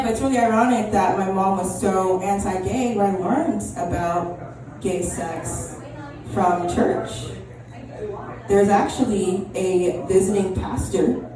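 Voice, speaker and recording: A woman's voice: mid-range voice, a little mellow. A young woman doing an open mic stand-up set, rambling and self-deprecating with lots of ums and restarts. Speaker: stand-up comedian. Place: small comedy club. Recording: echoey room, distant mic, audible room noise.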